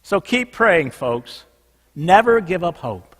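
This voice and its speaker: A pastor with a notably high voice delivers a sermon, pressing each point with emphasis and then easing into a hushed, low refrain. His words ring out with a long reverb from a large church. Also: sing-song, takes it slowly. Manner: emphatic, drops soft and low on a repeated refrain. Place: church sanctuary.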